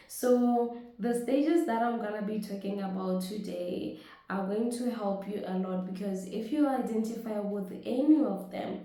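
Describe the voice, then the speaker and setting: Husky woman in a very echoey room. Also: mid-range voice, warm tone. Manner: earnest, keeps asking "right?" to the audience. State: hoarse from a flu. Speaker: motivational speaker and business coach. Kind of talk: motivational talk to camera.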